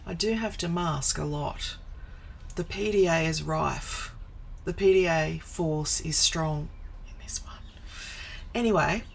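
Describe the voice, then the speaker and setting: A woman's voice: fairly low pitch, a bit bright, a little hiss or hum, low-quality recording. A woman in her forties chatting casually on a live stream from her home office, greeting viewers by name and wandering into asides. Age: 40s.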